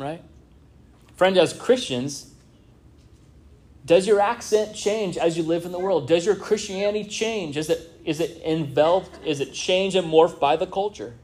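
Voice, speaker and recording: A man's voice: on the high side, normal speed, a little mellow. A man from Southern California preaching a sermon in a church, conversational, often checking in with the congregation. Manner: conversational preaching with frequent "right?" asides. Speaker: pastor. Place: church sanctuary.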